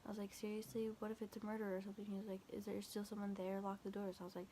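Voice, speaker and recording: A young woman vlogger races through a casual retelling of a scary night in a mellow, medium-pitched, completely flat voice. Her rambling account is full of fillers and restarts, quoting texts with constant "I was like" and "he's like," with slight background noise.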